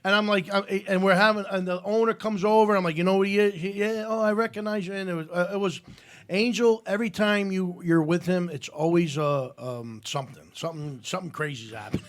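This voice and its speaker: Male talk show host, slightly higher pitch, rambling storyteller, casual chat, lots of um and uh. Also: steady tone, a little fast. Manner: rambling, many fillers and restarts.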